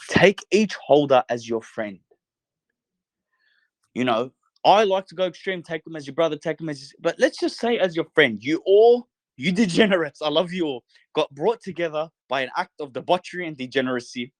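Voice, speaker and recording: A man's voice: fairly high pitch, no room sound. A man hosting a podcast late at night from a bedroom in a holiday house, giving a fervent, profane, rallying monologue to his listeners. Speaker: podcast host.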